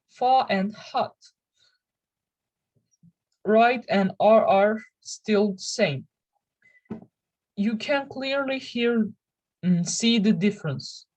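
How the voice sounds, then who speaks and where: Young woman, Turkish native speaker, student presenter; slow, careful, stop-start delivery. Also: medium pitch, a little mellow, low-quality recording. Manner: careful, halting delivery with restarts. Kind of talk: reading a class presentation.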